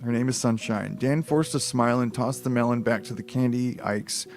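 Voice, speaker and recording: A man's voice: mid-range voice, moderate pace, darkish tone, soft background music. A man streaming himself reading a novel aloud, breaking off for rambling, profane comic asides.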